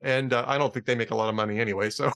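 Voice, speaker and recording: A man's voice: medium pitch, steady tone, racing, fairly bright tone. A man hosting a casual political talk show, chatty and often laughing at his own jokes. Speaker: podcast host.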